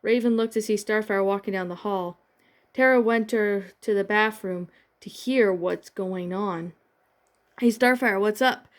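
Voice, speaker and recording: A woman narrating fan fiction in a plain, halting read with small restarts. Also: medium pitch, fairly even intonation. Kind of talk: amateur fan-fiction reading.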